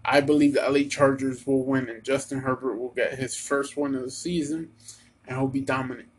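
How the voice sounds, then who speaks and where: American guy doing his weekly football picks, lots of ums and restarts, mid pitched voice, just chatting. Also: little pitch movement, husky, rough recording. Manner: halting, many ums and restarts; Eagles fan, talks straight to listeners. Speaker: sports vlogger giving picks. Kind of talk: casual predictions monologue.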